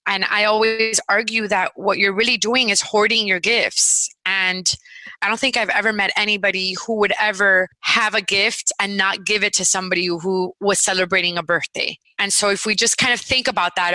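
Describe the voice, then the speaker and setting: A woman guest on a podcast, making an earnest, motivational point. Her voice is bright and forward, and the room is dry. She talks with steady conviction. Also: mid-range voice, dry recording, low-quality recording. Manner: earnest, preachy, laughs easily. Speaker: guest speaker and consultant. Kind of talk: motivational interview talk.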